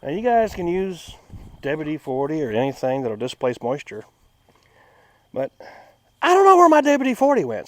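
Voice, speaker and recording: In his outdoor car-restoration vlog, the host talks in a relaxed, homespun manner, flipping between an excited, high voice and a flat delivery. There is no room sound in the recording.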